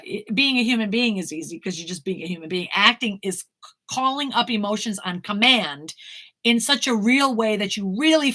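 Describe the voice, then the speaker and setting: A woman's voice: medium pitch, bright, forceful tone. A woman, a talent manager, bluntly answering viewer questions in a casual live Q&A, swearing now and then.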